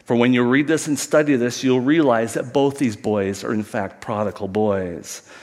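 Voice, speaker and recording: A man's voice: mid-range voice, normal speed, in a large hall. A middle-aged man preaching a sermon, telling a family story in a conversational way with asides to the congregation. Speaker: pastor.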